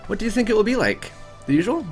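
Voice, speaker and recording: A man voicing a shy bookish young woman at a summer camp, with raised pitch and a trembling, emotional delivery. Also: sing-song, quick pace, soft background music. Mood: hopeful.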